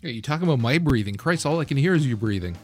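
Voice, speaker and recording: Teasing, lively-voiced man on a podcast. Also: mid-range voice, over music. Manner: teasing, swearing, quick to laugh. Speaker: podcast co-host. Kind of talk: casual gaming chat.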